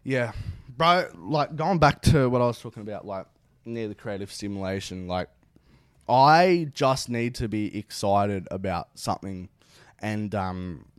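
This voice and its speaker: A young man, co-hosting a casual podcast chat, animated and swearing often. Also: on the low side, a little slow, clean tone, dry recording, studio quality. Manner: animated, swears a lot, many fillers. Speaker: podcast co-host.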